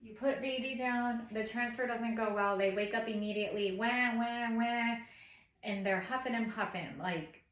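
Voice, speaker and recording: A woman in her thirties talks through a how-to in a casual, chatty way, now and then asking "okay?" She sits in an echoey room at home, and her voice sits at an ordinary middle pitch. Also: steady tone, normal speed, hardly any pauses. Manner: chatty and instructive, often checks in with "okay?"; softly shushes and imitates baby cries while demonstrating. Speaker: parenting vlogger.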